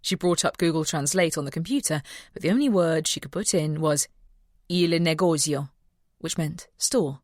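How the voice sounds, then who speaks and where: A woman's voice: low voice, animated, fairly quick, a little mellow, dry recording, studio quality. A woman narrating a mystery audiobook and voicing a cheerful young vet. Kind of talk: scripted narration.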